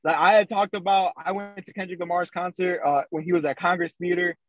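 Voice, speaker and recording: A man's voice: sits high, steady tone, fairly quick, muffled recording, slight background noise. A man co-hosting a podcast, telling a story in a loose, casual way with lots of fillers over a remote call. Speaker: podcast co-host. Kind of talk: casual chat.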